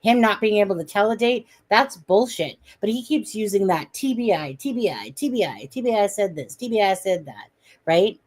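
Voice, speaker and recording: A woman's voice: medium pitch, animated, moderate pace, darkish tone. An outspoken woman talking on a live stream with an ordinary mid-range voice. She is indignant and blunt, and she swears freely as she argues her points. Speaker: guest commentator. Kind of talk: casual live-stream commentary.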